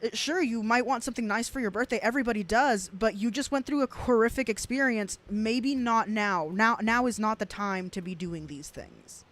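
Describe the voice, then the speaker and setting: A woman's voice: a little high, normal speed, few pauses, a bit bright. A woman in her twenties from South Texas with a South Texas accent, giving blunt, profane commentary on a stream with frequent restarts. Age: 20s. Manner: blunt and profane, with laughing asides and rambling restarts. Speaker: streamer reacting to clips.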